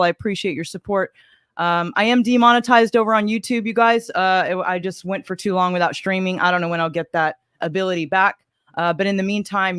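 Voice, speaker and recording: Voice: medium pitch, a bit bright, clean tone, dry recording, clean studio sound. A livestream host with a slight Southern US accent, chatting casually and rambling while greeting viewers by name. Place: home in Arizona.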